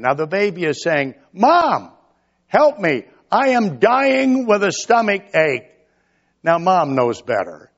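Older male preacher, folksy storyteller, slow deliberate delivery, slightly muffled recording. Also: a little high. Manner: folksy storytelling with quoted asides. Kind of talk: sermon.

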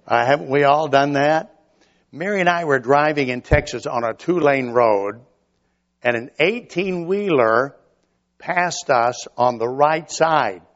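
A man's voice: a little high, measured pace, fairly bright tone, muffled recording. An older man preaching a sermon in a folksy storytelling manner, acting out little quoted lines along the way.

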